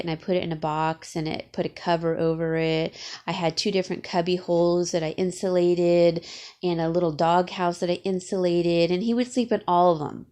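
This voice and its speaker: Sniffly woman vlogging in her garage, kinda low voice, lots of ums, trying not to cry. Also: gravelly, a little mellow. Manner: tearful, sniffling, halting with many fillers. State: teary from crying. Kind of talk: casual vlog talk. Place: home garage.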